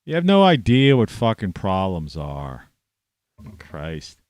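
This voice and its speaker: A man with a fairly low voice that swings up and down a lot, ranting in a rambling, profanity-laced monologue. He sounds scornful and bursts out loudly now and then. The sound is dry and close, with no room echo. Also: wildly swooping pitch, slow pace. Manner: heavy swearing, scornful, sudden loud outbursts. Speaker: vlogger. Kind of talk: profane rambling rant to camera.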